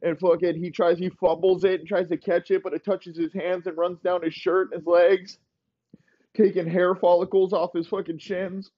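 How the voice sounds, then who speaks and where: A man's voice: sits high, flat delivery, moderate pace, dull audio. A man telling an improvised comic story, profane and rambling, checking in with his listeners as he goes.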